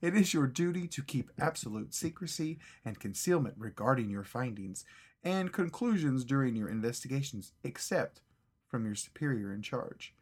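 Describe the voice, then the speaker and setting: Brief: stern Soviet official with a hammy mock Russian accent, slow and loud, as a podcast host puts it on. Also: male voice, mid-range voice, expressive, husky. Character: stern male Soviet agency official reading orders.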